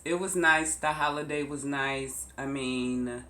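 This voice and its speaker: A woman vlogger telling a personal story to her viewers, slow and emphatic, repeating phrases for weight. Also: extremely low pitch, steady tone, a bit bright, reverberant. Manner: slow, repetitive, emphatic retelling. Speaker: YouTube vlogger.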